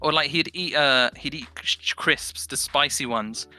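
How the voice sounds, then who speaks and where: Young Englishman telling a story, sharp voice. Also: on the high side, unhurried. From England. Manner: animated, swears freely, acts out quotes. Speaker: podcast guest. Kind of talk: casual storytelling chat.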